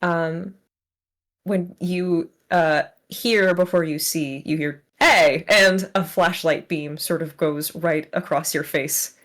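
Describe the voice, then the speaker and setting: A woman narrating as game master of a tabletop role-playing game, often breaking into giggles and quick asides. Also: deep voice, fairly even intonation.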